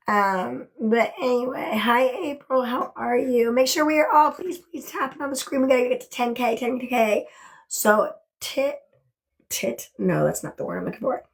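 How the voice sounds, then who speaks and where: With a fairly high, gravelly voice, a woman hosts a casual livestream from her bedroom. She's gushing and talkative, swears casually, and can't stop thanking her viewers.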